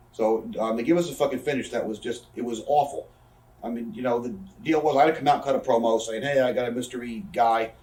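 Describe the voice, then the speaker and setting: The voice belongs to a man in his thirties: medium pitch, a touch mellow, recorded from a distance in a room with noticeable echo. He's an interview guest in a shoot interview, quickly spinning profane, casual stories and impersonating the people in them.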